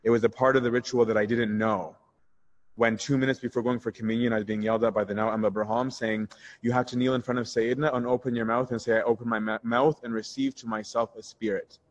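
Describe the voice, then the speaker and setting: A priest teaching a Bible study in a candid, conversational way, answering questions and telling personal stories. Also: male voice, medium pitch, fast, dull audio. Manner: candid and conversational, shifts into animated retelling.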